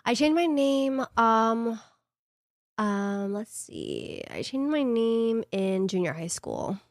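A woman's voice: on the high side, slow, no room sound, studio quality. A young woman with a New York accent chatting casually, rambling with plenty of fillers. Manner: rambling, animated, lots of fillers. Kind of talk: casual chat.

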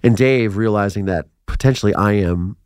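As a podcast guest, a forties-aged man from Ohio, USA, animatedly shares his life story, performing quotes and laughing between lines. His fairly low voice is clear and resonant at a normal speed, captured in a dry, studio-quality recording.

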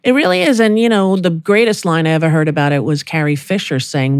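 A woman's voice: low-pitched, a little fast, clean tone, no echo, clean studio sound. A woman in her sixties hosting a podcast, chatting casually and affectionately with her guest. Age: 60s. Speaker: podcast host. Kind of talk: casual conversation.

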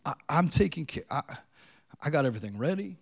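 A man's voice: a little high, big pitch swings, a little fast, creaky, full character voice. A man voicing a frazzled, busy woman who complains while listing her chores in a breathless rush. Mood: exasperated.

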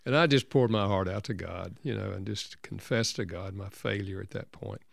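An older man, a counselor and author, telling a personal story as an interview guest in an earnest, gentle way. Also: on the low side, moderate pace, creaky, dry recording, studio quality.

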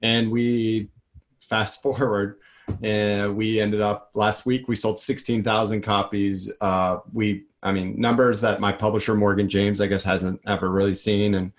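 A man in his thirties, a podcast guest and author, telling his story in a rambling, energetic way and acting out what people said. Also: lowish voice, a little slow. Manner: energetic, rambling, acts out quotes. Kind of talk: casual storytelling interview.

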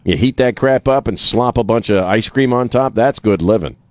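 A man's voice: medium pitch, normal speed, dry recording. A man hosting a talk radio show, rambling casually with many restarts and an irreverent streak. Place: radio studio. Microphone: studio mic.

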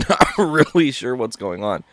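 A man's voice: medium pitch, sing-song, slow, a bit bright, no echo. A man hosting a podcast, stoned and rambling through a casual story in a laid-back, swearing way. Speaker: podcast host.

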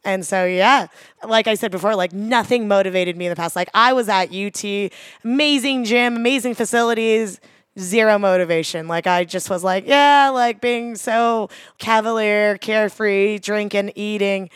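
A woman's voice: mid-range voice, moderate pace, clear, resonant tone, dry recording, studio quality. A woman, earnestly telling a personal story in a chatty way, full of "like". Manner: chatty, heavy use of "like", earnest.

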